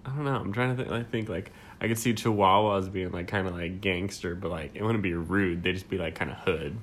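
A man in his thirties chatting casually, telling stories in a relaxed, swearing way. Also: low-pitched, brisk, a little hiss or hum. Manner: laid-back, swears freely, storytelling. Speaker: co-host. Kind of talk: casual chat.

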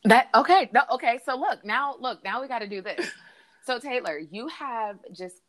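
A woman hosting a podcast in casual chat, energetic, laughing often and repeating herself. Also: on the high side, normal speed. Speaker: podcast host.

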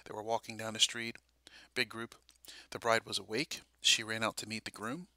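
A man recounting a dream and tying it to scripture, halting with many fillers and restarts. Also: fairly low pitch, level tone, sharp tone, no room sound. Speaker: religious video speaker.

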